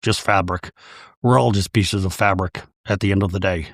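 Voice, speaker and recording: A man voicing a gruff, terse middle-aged husband who mumbles and stalls over his words. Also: steady tone, no echo, studio quality. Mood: awkward. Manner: halting, low, mumbled delivery.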